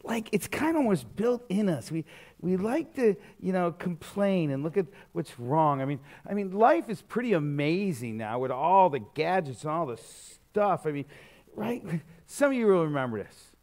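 A man's voice: sits high, moderate pace. A middle-aged man preaching a sermon, casual and conversational, telling stories with lots of fillers and restarts. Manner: animated storytelling, conversational with many fillers. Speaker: pastor.

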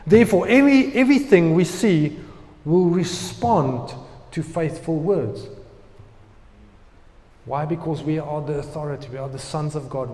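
A male pastor preaching a sermon, swinging between loud emphasis and hushed asides. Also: on the high side. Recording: long hall reverb.

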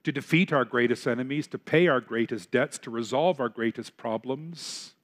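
A man's voice: mid-range voice, moderate pace. A man pastor preaching a sermon in a church, earnest and full of rhetorical questions. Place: church sanctuary.

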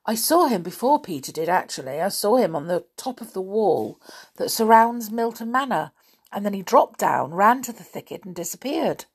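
A woman reading a children's story aloud, voicing an eager schoolboy in a raised, excited, slightly husky voice. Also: medium pitch, normal speed, voice pushed up. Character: eager schoolboy telling his news.

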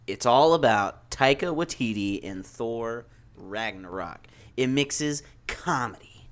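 A jokey man co-hosting a film podcast who throws himself into exaggerated, emphatic rants. He draws his words out slowly, at an ordinary middle pitch. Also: lively intonation. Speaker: podcast co-host, comic relief. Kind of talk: casual podcast chat.

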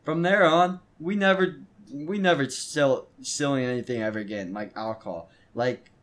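A man's voice: medium pitch, moderate pace, a bit bright. Teenage boy rambling through a story. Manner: rambling, frequent restarts and stumbling repeats. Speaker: podcast host. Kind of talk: casual storytelling monologue.

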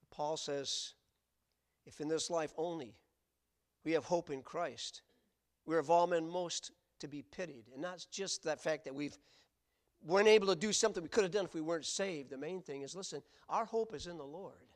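Male pastor, fairly high voice, emphatic sermon with repeated phrases, reads verses aloud. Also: moderate pace. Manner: emphatic preaching with repetitions, reads scripture aloud.

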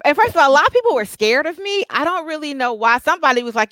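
A woman in her thirties telling a story in casual chat, profane and animated, acting out what people said. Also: high voice, quick pace, hardly any pauses, dry recording. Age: 30s. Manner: animated, profane, acts out quotes. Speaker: podcast co-host.

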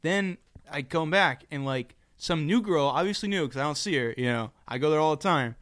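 A man's voice: on the high side, animated, brisk, a bit bright, dry recording. A young man in casual, joking podcast chat, swearing and laughing a lot.

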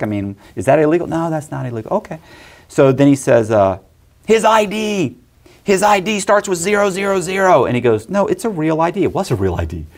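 A middle-aged man telling a personal story in casual talk, animated and acting out other people's lines in quick voices. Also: on the high side, vocal fry, husky.

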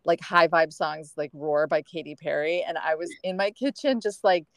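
A woman hosting a podcast interview, enthusiastic and quick to agree and gush over her guest's stories. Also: low-pitched, no echo. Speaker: podcast host. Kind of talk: casual interview chat.

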